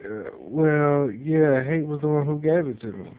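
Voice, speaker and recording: A man's voice: a little high, animated, a little slow, voice pushed up. A man playing a confused, weary World. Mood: puzzled. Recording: tinny phone-like sound.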